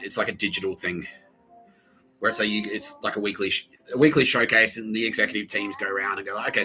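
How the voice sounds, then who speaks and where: A man's voice: lowish voice, low-quality recording. A man in his thirties with an Australian accent, hosting a podcast and telling a rambling, profane story in a casual monologue. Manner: rambling, profane, animated quoted voices. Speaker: podcast host.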